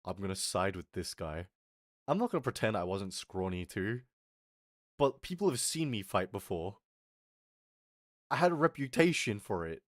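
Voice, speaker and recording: A young man telling a story on his stream, swearing a lot and swinging between mutters and yells. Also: fairly low pitch, big pitch swings, normal speed, pauses often, dry recording, studio quality. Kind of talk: casual storytelling rant on a live stream.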